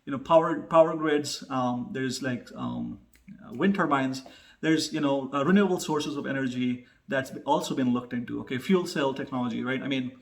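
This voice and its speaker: A man's voice: medium pitch, lively intonation, normal speed, vocal fry. A man hosting a casual investing talk, chatty, with many fillers and "okay?" asides. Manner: loud upbeat opening jingle shout. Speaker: host.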